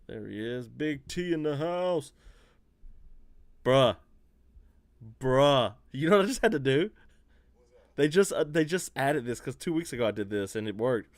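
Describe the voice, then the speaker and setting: A man's voice: mid-range voice, animated, normal speed, dry recording. A man hosting a casual livestream chat over a video call, laughing often and talking in easygoing slang. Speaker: podcast host. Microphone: home computer mic on a video call.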